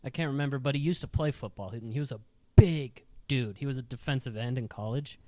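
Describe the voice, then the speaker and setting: A man's voice: medium pitch, quick pace, darkish tone, dry recording. A young man hosting a podcast, telling school stories in a rambling, profane, filler-heavy way in a studio. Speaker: podcast host. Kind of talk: casual storytelling.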